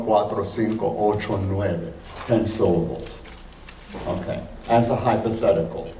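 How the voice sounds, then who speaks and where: A man giving a conversational conference lecture, full of fillers and slowing to stress points. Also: deep voice, warm tone. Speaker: conference speaker. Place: conference hall. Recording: roomy hall, distant mic, faint noise.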